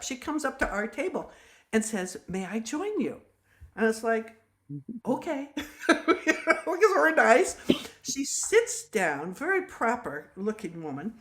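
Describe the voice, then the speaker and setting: An older woman giving a talk, telling personal stories with lively, acted-out dialogue. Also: on the high side. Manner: animated, acts out dialogue in stories. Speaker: speaker. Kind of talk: storytelling talk.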